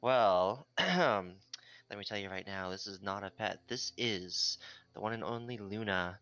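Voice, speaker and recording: A man's voice: fairly low pitch, unhurried, bright, forceful tone, no echo. A man voicing a proud male inventor who boasts theatrically about his creation, through a dull lo-fi mic. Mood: boastful.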